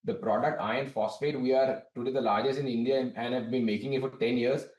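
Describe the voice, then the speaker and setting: Male company director, measured explainer, dark tone, heard far off in an echoey room. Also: medium pitch, fairly even intonation. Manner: measured, explanatory, frequent restarts. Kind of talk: business interview answers. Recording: distant, roomy remote link.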